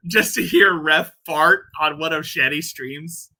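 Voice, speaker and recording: Slow, very bright-voiced man commentator. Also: on the high side. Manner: crude, rambling, laughing at his own jokes. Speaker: commentary channel host. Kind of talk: casual reaction commentary.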